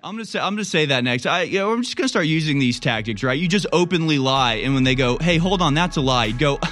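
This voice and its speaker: A man's voice: fairly high pitch, lively intonation, fairly quick, fairly bright tone, faint music behind. Indignant, sarcastic male talk host. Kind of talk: political commentary.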